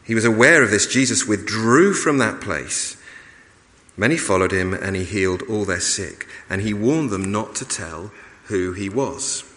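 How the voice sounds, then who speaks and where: A man preaching a sermon in a measured, emphatic way, pausing and restarting as he explains a passage. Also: on the low side, expressive, sharp tone. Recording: long reverb of a large hall.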